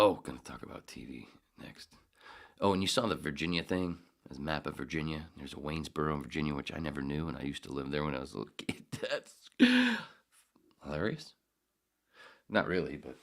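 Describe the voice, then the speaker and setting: Brief: male podcast host from the United States with a very low, deep voice, casual rambling chat full of swearing and mumbled asides. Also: normal speed, creaky, long pauses, fairly bright tone.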